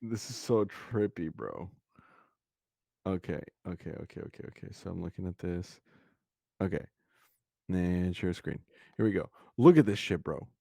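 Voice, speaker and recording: A young man hosting a podcast over a video call, chatting casually and excitedly with a lot of swearing and filler. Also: low voice, moderate pace, vocal fry, pauses often, dry recording, clean studio sound. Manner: excitable, swears freely, says "bro" and "like" a lot. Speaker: podcast host. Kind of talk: casual chat.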